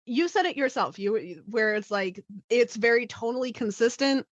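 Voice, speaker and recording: A woman's voice: on the high side, normal speed, no echo, lo-fi sound. A woman co-hosting a horror movie podcast in casual chat, laughing between points. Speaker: podcast co-host.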